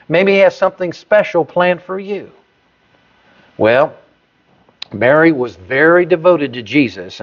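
A pastor preaching a sermon, stressing single words with sudden rises in pitch and volume. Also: male voice. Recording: dull lo-fi sermon recording.

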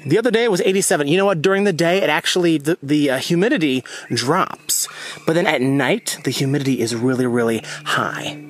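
A young man from the United States chatting excitably to his viewers while walking a rainforest trail at dusk, filmed on a handheld phone. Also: on the high side, quick pace, a little hiss or hum. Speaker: vlogger. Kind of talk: casual vlog walk-and-talk.

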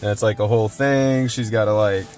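A man's voice: on the low side, fairly even intonation, fairly quick, a little mellow, faint music behind. A young man vlogging in casual, rambling chat, cursing and joking about himself as he talks outside and from his car. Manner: rambling, profane, self-deprecating. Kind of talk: casual vlog.

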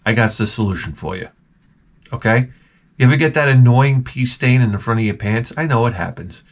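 A man's voice: mid-range voice, expressive, a little fast. A man hosting his own vlog, telling crude, profane stories in a rambling comic monologue. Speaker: vlog host.

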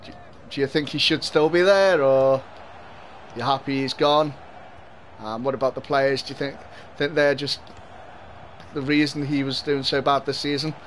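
A man's voice: medium pitch, fairly even intonation, normal speed, a bit bright, a little hiss or hum. A young man with a mild Liverpool Scouse accent, chatting with viewers and laughing often while he commentates a football video game. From Liverpool, England. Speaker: gaming streamer. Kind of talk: live gameplay commentary and chat with viewers.

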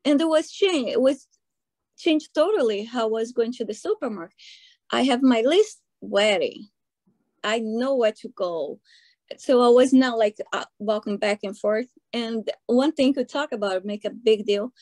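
Lively excitable woman. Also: a little high, normal speed, no room sound. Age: middle-aged. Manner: excitable, animated storytelling with acted-out quotes. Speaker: coaching client. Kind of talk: casual interview chat.

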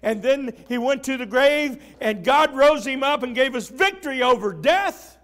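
A man pastor preaching an impassioned sermon, rising to shouts at the peaks. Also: very high-pitched, animated, normal speed.

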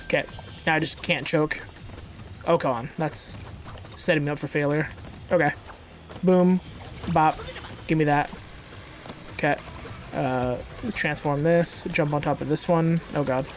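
A gamer giving casual let's-play commentary, swearing often, bragging and breaking into excited outbursts while playing. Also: mid-range voice, measured pace, pauses often. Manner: profane, excitable, boastful trash talk with sudden outbursts. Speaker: gamer playing through a platform game. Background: faint game music.

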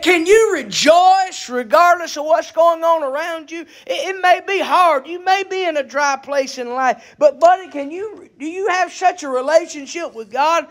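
A man preaching a sermon, stretching out scripture readings and rising to fervent shouts. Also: extremely high pitch.

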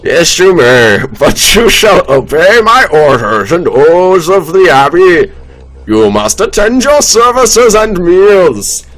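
A man voicing a stern, unsettling old abbot in a video game, speaking in slow, commanding tones. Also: high-pitched, very animated, fairly bright tone, pitched above the performer's own voice, heavily acted, low-quality recording. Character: shrill, creepy old male abbot.

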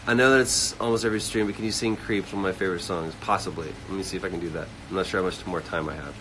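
Low-voiced man chatting on a livestream. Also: fairly even intonation, background noise. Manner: reads fan comments aloud and answers quickly. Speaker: livestream host answering chat. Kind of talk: casual livestream chat. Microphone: phone livestream.

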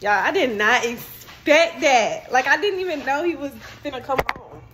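Talking into a handheld phone indoors at home, a young new mom vlogs in a casual, slangy way, lively and chatty, addressing her audience as y'all. Her voice sits high and moves at a moderate pace, and the phone recording is noisy.

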